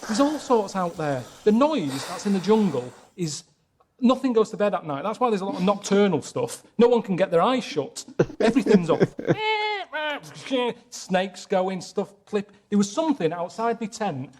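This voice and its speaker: A man chatting casually in a deadpan, rambling way, moaning about his travels. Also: high voice, moderate pace, a little hiss or hum. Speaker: guest on a comedy travel show. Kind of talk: casual comedic chat.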